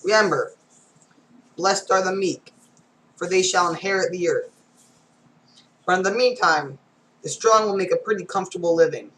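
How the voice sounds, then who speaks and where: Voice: mid-range voice, moderate pace, long pauses, a bit bright, a little hiss or hum, rough recording. A reader going through comic strips aloud, reading every panel and sound effect, with casual asides.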